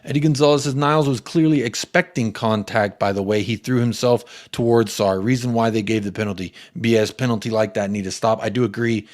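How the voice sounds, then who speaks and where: An American young man hosting a football fan live stream, reading viewers' comments aloud and giving them shout-outs in an animated way. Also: on the low side, a little fast, few pauses. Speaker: fan channel host.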